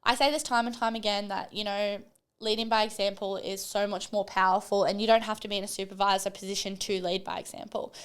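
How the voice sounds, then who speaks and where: A woman's voice: mid-range voice, level tone, fast, clean tone. A young adult woman hosting a solo podcast, talking bluntly and passionately and swearing freely. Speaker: podcast host.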